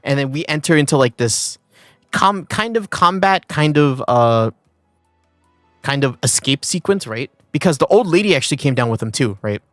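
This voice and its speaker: Brief: casual male streamer, mid-pitched, dry recording, soft background music. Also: lively intonation, normal speed, dry recording. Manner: rambling storytelling with many fillers. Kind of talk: casual chat.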